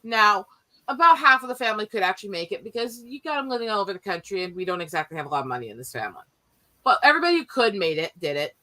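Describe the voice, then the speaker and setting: A woman telling family stories in a casual chat, animated and profane, often laughing as she talks. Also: mid-range voice, racing, low-quality recording.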